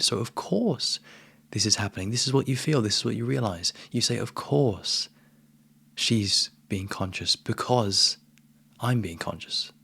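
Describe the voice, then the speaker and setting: A man giving a casual spiritual monologue as a coach, relaxed and emphatic, often calling the listener "man". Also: on the low side, vocal fry, breathy edge.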